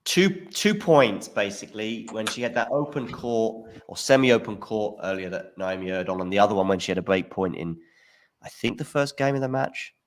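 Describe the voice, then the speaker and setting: A man hosting a live tennis watchalong, giving relaxed play-by-play with opinions. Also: on the low side, moderate pace. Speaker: watchalong host. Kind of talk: live match commentary.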